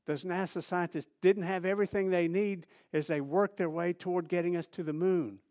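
A man preaching a sermon, animated and repetitive, building emphasis and dropping to soft asides. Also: high voice, moderate pace. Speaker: pastor.

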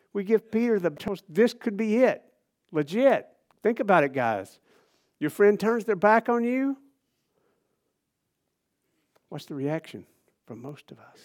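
Animated preacher, loud then hushed. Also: male voice, high voice. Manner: animated, swinging between loud emphasis and hushed near-whispers; casual, conversational phrasing with restarts. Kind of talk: sermon.

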